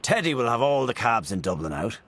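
A man voicing a hearty gentleman in a storybook reading, speaking stoutly. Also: mid-range voice, big pitch swings, fairly quick, slightly rough.

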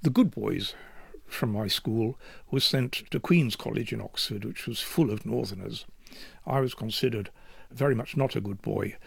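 A man's voice: on the low side, creaky, husky, no echo. A man in his seventies from Yorkshire, speaking thoughtfully and measuredly as an interview guest. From Yorkshire, England. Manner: thoughtful and measured, with occasional restarts. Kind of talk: reflective conversational interview.

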